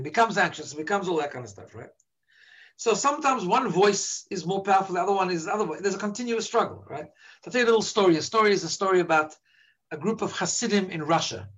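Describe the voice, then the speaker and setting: A man's voice: high-pitched, a bit bright. A man teaching an informal religious talk to a live audience, telling stories and checking in with "right?". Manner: storytelling, frequent "right?" checks.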